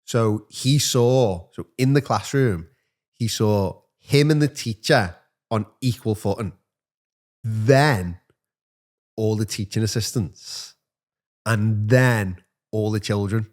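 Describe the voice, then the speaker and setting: A man who teaches, co-hosting a podcast in casual chat and telling school stories with lively acted-out quotes. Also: lowish voice, slow. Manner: animated storyteller who acts out voices in his anecdotes.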